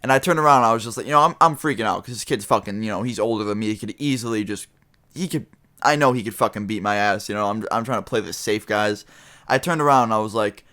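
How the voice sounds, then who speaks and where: Young man, casual storytime vlog, rambling, swears a lot, lowish voice. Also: quick pace, pushed and bright. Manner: loose, rambling, heavy swearing and fillers. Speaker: vlogger.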